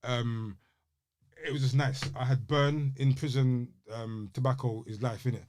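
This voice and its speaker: A man's voice: medium pitch, unhurried, background noise. A man co-hosting a podcast, telling anecdotes in casual chat and acting out the voices of the people in them. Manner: animated storyteller, acts out voices in his anecdotes. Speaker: podcast co-host.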